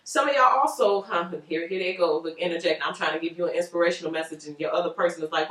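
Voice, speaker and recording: Animated woman doing a loose rambling tarot reading, bright voice, sits back from the mic. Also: lowish voice, fast, few pauses, distant mic. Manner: animated, chatty, loose and rambling, laughs often. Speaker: tarot reader. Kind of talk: casual tarot reading to viewers. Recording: roomy echo, voice off-mic.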